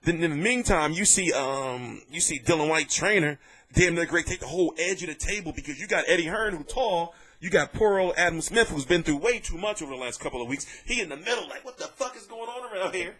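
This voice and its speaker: A man giving casual vlog commentary on boxing, telling it in an animated, jokey and profane way. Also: a little high, fairly quick.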